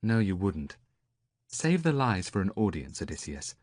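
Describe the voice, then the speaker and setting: A woman's voice: a bass voice, very animated, a little slow, darkish tone, no room sound, full character voice. A man voicing a proud, sarcastic young priestess in an audiobook, speaking in a dry, mocking way. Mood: frank.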